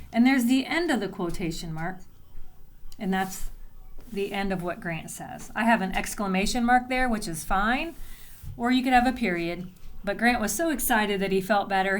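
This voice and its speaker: A woman teacher giving a recorded writing lesson to young students, patiently explaining step by step and sounding out letters. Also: mid-range voice. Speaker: elementary school teacher.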